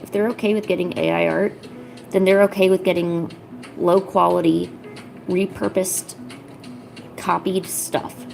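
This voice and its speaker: A woman streams from home while drawing, chatting casually in a voice on the low side that is flat, gravelly and a little mellow. She speaks a little slowly, pausing often, and rambles with lots of fillers, stopping to coax her cat. Lo-fi music plays in the background.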